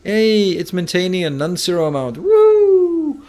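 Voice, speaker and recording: A man's voice: mid-range voice, animated, measured pace, darkish tone. Man muttering through live gameplay. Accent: Danish. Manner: muttering to himself, exasperated outbursts. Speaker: game streamer.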